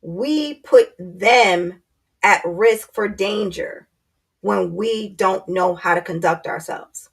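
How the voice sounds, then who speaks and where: A woman's voice: mid-range voice, slow, vocal fry, breathy edge. A woman vlogger giving blunt, candid relationship advice in a casual talk to camera, speaking straight to her viewers.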